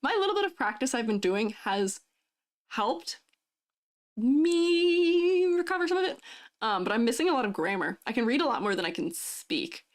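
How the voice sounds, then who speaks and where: A woman's voice: mid-range voice, sing-song, fairly quick. A woman streaming live, chatting casually and reading out chat messages, laughing often between lines. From United States. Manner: giggly, chatty, answers chat messages aloud.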